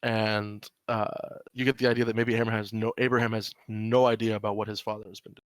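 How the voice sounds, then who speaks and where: A man narrating as game master of a tabletop horror game, talking in halting stretches with many fillers. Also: fairly low pitch, little pitch movement, dry recording. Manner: halting, full of fillers and restarts.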